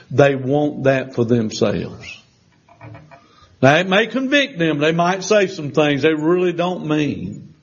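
A male preacher tells a personal testimony in a folksy, meandering way. He stumbles into restarts and acts out the other people's voices, and his voice sits fairly high. The recording sounds dull and lo-fi. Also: creaky, breathy edge.

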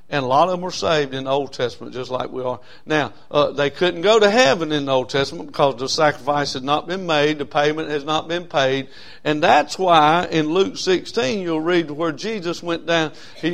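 Folksy preacher man, higher voice. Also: gravelly. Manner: dynamic preaching, swings between loud emphasis and soft drawn-out phrases; folksy, with frequent uh fillers. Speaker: pastor. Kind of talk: sermon.

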